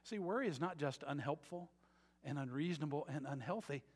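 A man preaching a sermon as a pastor, moving between quiet earnest passages and loud emphatic ones. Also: a little high, lively intonation, fairly quick, slightly rough, long reverb tail. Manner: dynamic preaching, swings from soft to loud emphatic.

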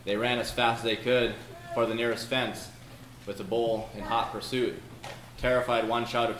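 A man's voice: mid-range voice, level tone, moderate pace, a bit bright, slight background noise. Folksy preacher man in an echoey room. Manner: folksy, storytelling delivery with prayers and verses. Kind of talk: sermon.

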